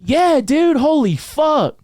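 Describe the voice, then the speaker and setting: A man's voice: extremely high pitch, big pitch swings, slow pace, a little mellow, no room sound, studio quality. A young man hosting a podcast, chatting casually with crude jokes and frequent laughter. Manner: crude, joking, laughs often. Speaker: podcast host. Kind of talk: casual chat.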